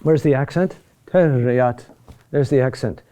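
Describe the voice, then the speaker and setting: A man lectures at a board in a somewhat raised but mellow, warm voice. He speaks in short, patient phrases, restarting often and checking on his listeners with a quick "huh?". The delivery is slow and explanatory. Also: fairly high pitch, expressive. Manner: halting and repetitive, with frequent "huh?" check-ins; patient, explanatory pacing with many pauses and restarts. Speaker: chant teacher.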